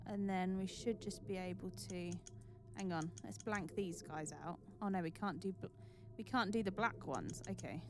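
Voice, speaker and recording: This woman's voice sits lowish and moves at normal speed while she streams a video game, its music playing behind her. Chatty and exclamatory, she teases herself throughout her play.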